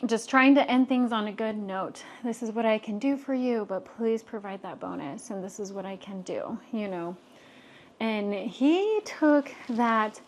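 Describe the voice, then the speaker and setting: A young adult woman, co-hosting a podcast and telling a personal story in a casual, animated way with many fillers. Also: a little high. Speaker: podcast co-host.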